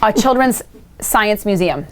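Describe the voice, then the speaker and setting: A woman candidate answering at a forum, fluent and animated, with asides. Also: medium pitch, unhurried. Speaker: mayoral candidate.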